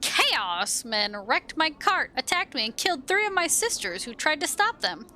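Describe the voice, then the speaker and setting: Bitter grieving slum lady, slow rough slang, bright voice , a woman reading her lines. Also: sits high, sing-song, slight background noise, pitched above the performer's own voice, heavily acted. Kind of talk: reading game dialogue aloud.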